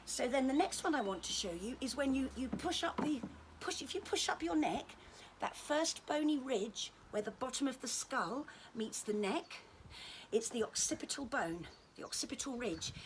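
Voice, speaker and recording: A woman giving a friendly, chatty massage demonstration lesson, gentle in tone and joking now and then. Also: on the high side, slight background noise. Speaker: children's touch therapist demonstrating massage. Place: indoors at home during lockdown.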